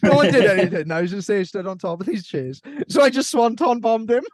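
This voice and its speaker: High-voiced man laughing through stories. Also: very animated, fairly quick. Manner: laughs often, swears, tells rowdy anecdotes. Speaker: podcast co-host. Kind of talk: casual chat.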